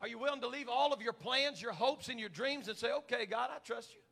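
A male pastor, preaching a fervent sermon to his church and swinging between loud shouted calls and quiet, close prayer. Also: extremely high pitch, fast, creaky. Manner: preaching with rising shouted fervor. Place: church sanctuary.

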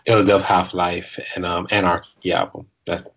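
A man's voice: deep voice, level tone, normal speed, lo-fi sound. A man co-hosting a podcast in casual chat, telling stories in a laid-back way with lots of fillers. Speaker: podcast co-host.

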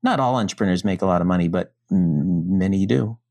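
Middle-aged man, low voice, podcast guest, animated and frank, casual storytelling. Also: fairly quick, dry recording.

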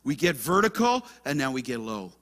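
A man preaching a sermon as pastor, moving between hushed asides and fervent, raised passages. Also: medium pitch, sing-song, normal speed. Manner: impassioned preaching, swings between hushed and loud.

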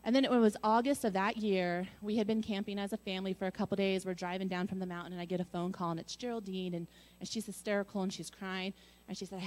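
A woman's voice: medium pitch, a little mellow. A middle-aged woman giving a personal testimony, telling her story earnestly and acting out the dialogue. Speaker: speaker sharing a personal story.

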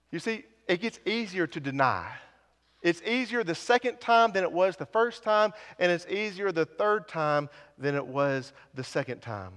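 High-pitched preacher guy, repeats himself, drops real quiet sometimes, long echo in the church. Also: expressive, moderate pace. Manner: repetitive, rising and dropping to near whispers. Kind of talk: sermon. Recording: long hall reverb.

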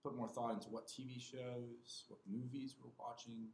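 A man in his twenties, a podcast guest, talking in a measured, earnest way and reading a passage aloud. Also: medium pitch, little pitch movement, a little mellow, slight background noise. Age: 20s. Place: small room with other people. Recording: roomy echo with faint ambience.

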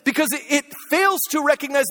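High-voiced middle-aged male pastor. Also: brisk, bright, forceful tone, in a large hall, faint music behind. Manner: conversational storytelling, checks in with listeners. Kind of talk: sermon.

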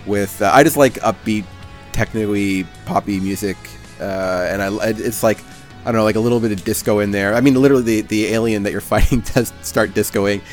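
A man hosts a relaxed podcast conversation, and his voice sits a little low. He gushes with enthusiasm and rambles, often restarting his sentences. Faint music plays quietly underneath. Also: brisk. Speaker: podcast host. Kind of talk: casual chat.

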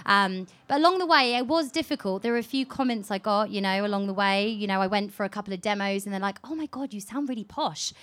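A woman's voice: mid-range voice, quick pace, hardly any pauses, fairly bright tone. A woman from England, a radio presenter, talking candidly and with energy on a live panel, laughing often. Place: live event venue.

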